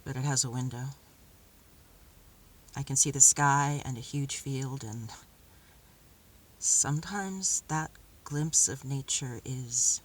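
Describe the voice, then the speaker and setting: An actress playing a weary captive woman held by aliens, narrating her own story in the first person with a measured, often quiet and inward delivery. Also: a bass voice. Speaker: narrator and lead character. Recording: steady background ambience noise.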